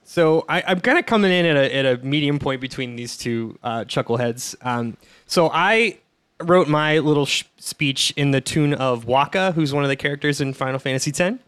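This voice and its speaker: A man co-hosting a comedy podcast, chatting casually with wry, quick asides. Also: on the high side, fairly bright tone, clean tone. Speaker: podcast co-host.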